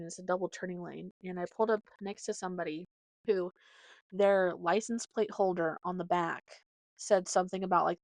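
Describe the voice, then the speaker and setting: A young woman from Nebraska hosting a podcast, telling rambling stories in a chatty, casual way with lots of fillers and animated quoted voices. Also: on the low side, no echo. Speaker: podcast host. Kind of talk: casual storytelling monologue.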